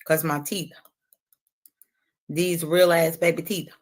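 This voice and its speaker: With a deep voice and a slow delivery, a woman streamer animatedly trash-talks her audience, cursing and taunting in a brash, casual way while she eats a lemon.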